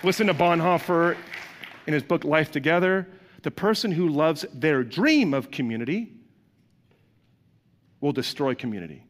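A man's voice: fairly high pitch, lively intonation, normal speed, pauses often. Man preaching in an echoing hall. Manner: conversational, acts out quoted voices, asks the congregation questions. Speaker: pastor. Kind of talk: sermon.

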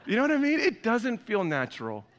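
Lively, animated male preacher. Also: high-pitched, fairly quick, big-room sound. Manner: animated storytelling with playful voices for quoted people. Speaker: pastor. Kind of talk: sermon.

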